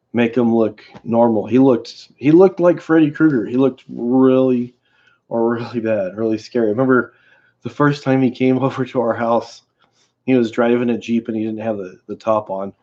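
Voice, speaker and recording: A man hosting a livestream, telling a story in a casual, rambling way with many halting restarts. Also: medium pitch, a little mellow. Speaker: livestream host. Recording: dull lo-fi stream audio.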